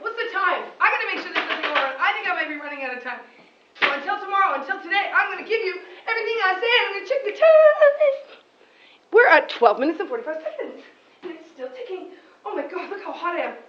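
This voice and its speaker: A woman teacher talking in an excited, rambling vlog monologue, laughing often and jumping between thoughts. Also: very high-pitched, quick pace. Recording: echoey room, distant dull lo-fi mic, faint noise.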